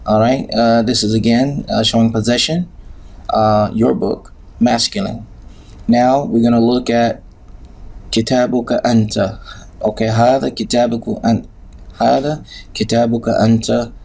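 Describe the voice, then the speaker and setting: Gravelly-voiced man teaching grammar. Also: medium pitch, fairly even intonation, a little slow, darkish tone. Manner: patient, hesitant, many filler sounds. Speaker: Arabic teacher. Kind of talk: recorded grammar lesson.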